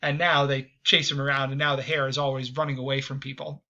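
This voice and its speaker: A man's voice: mid-range voice, level tone, fast talker, pushed and bright, lo-fi sound. A man hosting a history video, giving a casual spoken lecture with many hesitant ums and restarts.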